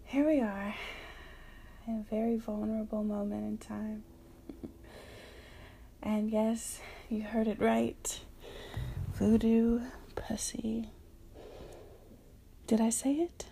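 A woman hosting a wellness talk in a hushed, often whispered voice, speaking frankly and swearing casually. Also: fairly high pitch, flat delivery, creaky, a little hiss or hum. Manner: frank and profane, slow and reflective. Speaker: podcast host. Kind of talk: soft-spoken wellness talk.

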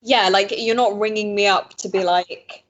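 A woman co-hosting a podcast in casual chat, animated and laughing often as she tells stories. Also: mid-range voice, normal speed.

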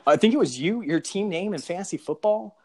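A man's voice: high voice, expressive, brisk. A young adult man in casual chat, rambling and correcting himself with hesitant fillers.

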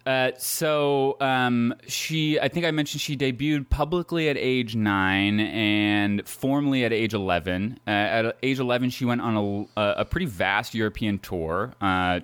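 A man's voice: fairly low pitch, a little slow, hardly any pauses, fairly bright tone, smooth, dry recording. A man hosting a podcast, casually retelling a history story with lots of fillers and asides. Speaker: podcast host.

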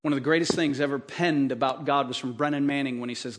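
A male pastor preaching a sermon in an animated, conversational way, often asking the congregation rhetorical questions. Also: medium pitch, a little fast, hardly any pauses.

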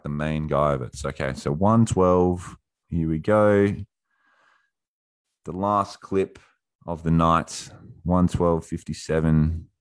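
A man leads a casual online workshop, swearing freely and slipping into squeaky put-on voices to act out what people say. His own voice sits fairly low and sounds close and dry, with no room around it. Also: dry recording. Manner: profane, acts out quotes in high voices. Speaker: workshop host. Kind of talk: casual motivational talk.

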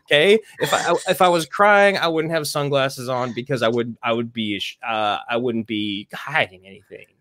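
A man's voice: mid-range voice, moderate pace, hardly any pauses, a bit bright, no echo, clean studio sound. A man in a comedic mock debate, arguing in a heated, accusing, mock-wounded way. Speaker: debate contestant.

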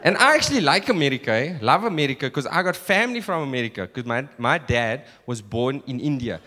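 A South African man doing a stand-up comedy set on a theatre stage, telling stories quickly and animatedly with plenty of asides. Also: mid-range voice, animated, pushed and bright. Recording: live theatre with long reverb and audience.

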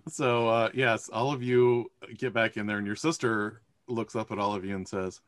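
A man's voice: on the low side, level tone, normal speed, few pauses, a bit bright, no room sound, studio quality. A man narrating a tabletop game as game master, rambling with fillers and laughing often.

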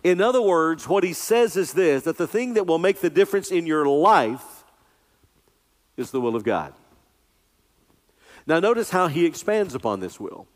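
A male pastor delivers an earnest, emphatic sermon in a slightly higher voice, leaning hard on key words. His words ring out with the long reverb of a large church sanctuary. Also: sing-song. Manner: earnest, emphatic preaching, slowing on scripture.

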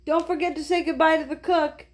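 A woman's voice: sits high, steady tone, brisk, voice pushed up, natural voice. A woman reading aloud, voicing a fond older housekeeper in a children's storybook.

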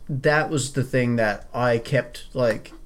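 A man's voice: mid-range voice, slow pace. A man co-hosting a casual review chat, chiming in with enthusiastic quips and the odd swear. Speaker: podcast co-host.

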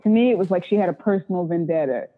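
Talking very fast and animatedly in a lowish voice, a woman being interviewed about her phone sex work tells candid, casual stories. She's profane and blunt and acts out what callers say, all heard through tinny, phone-style audio.

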